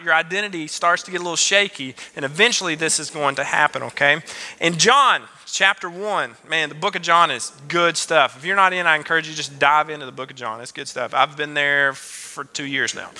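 A man in his late twenties giving a youth sermon, his high voice sharp and very bright. He talks casually, cracking jokes and throwing in playful asides between scripture readings. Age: late 20s. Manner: joking, conversational, playful asides. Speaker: youth pastor.

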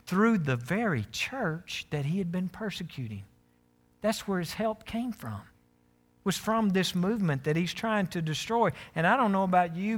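A man preaching a sermon as pastor, animated, acting out the scripture characters he reads. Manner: animated, acts out scripture characters with rising pitch.

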